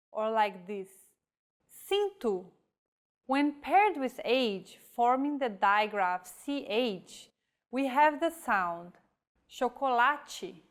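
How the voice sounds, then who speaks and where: Slow, careful female tutor. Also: fairly high pitch, clean tone. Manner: slow, careful enunciation of example words. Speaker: language teacher. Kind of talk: pronunciation lesson.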